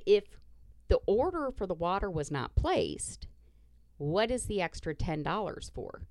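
Woman, low voice, lively pitch, profane storyteller, dry close sound. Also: moderate pace, dry recording. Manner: blunt, profane, animated retelling with quoted dialogue. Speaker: podcast host. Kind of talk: casual storytelling.

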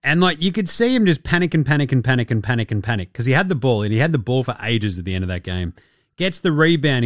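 A man's voice: medium pitch, very animated, fast, no echo, studio quality. A young man hosting a casual solo sports podcast, rambling and joking with plenty of swearing. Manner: rambling, profane, jokey. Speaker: podcast host.

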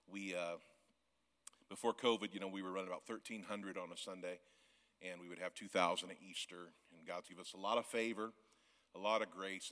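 A man in his forties, a guest pastor from the Missouri Ozarks, preaching a sermon in a church auditorium, loud and yelling, often laughing. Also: fairly low pitch. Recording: long church hall reverb.

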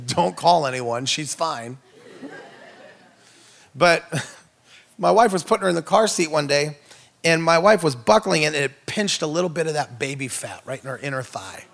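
A man in his thirties, a preacher, telling funny family stories in a sermon, joking and acting out voices with big jumps in pitch. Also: expressive, moderate pace, creaky, pauses often, a bit bright. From Norway. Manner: playful, jokey, acts out quotes with big pitch jumps. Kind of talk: comedic sermon storytelling.

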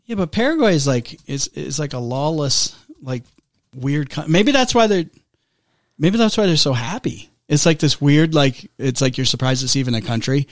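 This podcast co-host is a man with a fairly high, lively voice at normal speed, rambling through casual talk with lots of fillers and restarts. The recording is dry, with clean studio sound.

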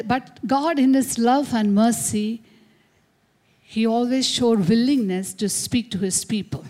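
Woman pastor, slow and emphatic sermon delivery with call-and-response, slightly high voice. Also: a little mellow. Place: church service.

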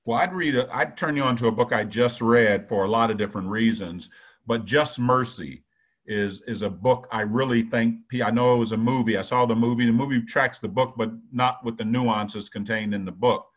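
An older man in his sixties speaks at a middle pitch, earnest and measured as he recounts a story to an interviewer. He often repeats a word or two while gathering his thoughts, in an unhurried, sincere way. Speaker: guest, retired security executive. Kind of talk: conversational storytelling.

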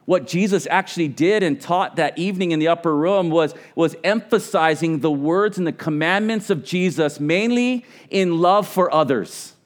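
A man's voice: a little high, moderate pace, few pauses. A middle-aged man preaching a sermon as pastor, earnest and conversational, often restarting his words.

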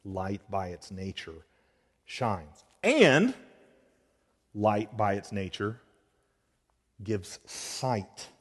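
A man preaching a sermon as pastor, moving between quiet explanation and emphatic, rising declarations. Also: lowish voice, drawn-out words, pauses often, breathy edge. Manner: animated preaching, swings between soft and emphatic. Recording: reverberant hall.

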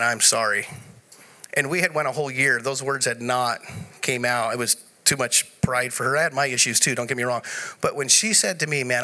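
A man speaking at a conference, telling a personal story in an animated way, often laughing as he goes. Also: medium pitch. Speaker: conference speaker sharing testimony. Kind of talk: live conference talk. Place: conference room before an audience.

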